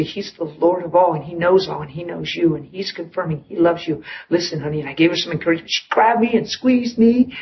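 Male preacher, high voice, animated storyteller; dull lo-fi recording with faint ambience. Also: slight background noise. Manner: animated, acts out people's lines. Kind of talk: sermon with storytelling.

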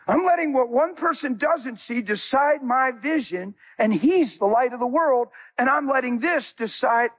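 A man preaching a sermon as a guest speaker, animated, telling stories with acted-out dialogue. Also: very high voice, a little slow, few pauses, slightly rough.

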